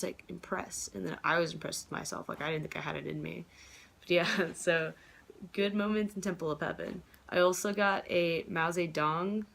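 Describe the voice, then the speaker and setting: A woman's voice: on the low side, creaky. A woman in her twenties chatting casually in a vlog, rambling with lots of fillers and frequent cursing. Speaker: vlogger.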